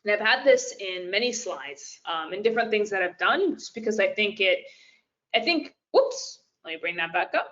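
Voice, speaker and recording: Her voice is mid-range, expressive, and fairly bright, moving at normal speed as she gives a live webinar. The woman, a business coach, speaks chattily and directly to "you guys" with plenty of fillers. Audio quality is lo-fi.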